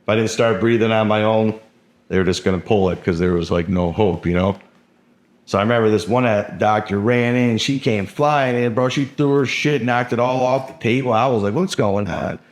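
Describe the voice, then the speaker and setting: A man's voice: fairly low pitch, normal speed. A young man telling his own story in a casual, rambling way, full of fillers and swearing. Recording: roomy echo.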